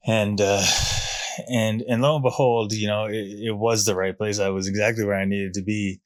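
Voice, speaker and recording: Young man, lowish voice, dry close sound, loose and profane storytelling. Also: little pitch movement, moderate pace, dry recording. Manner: casual, profane, many fillers and restarts. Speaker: podcast host. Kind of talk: candid personal storytelling.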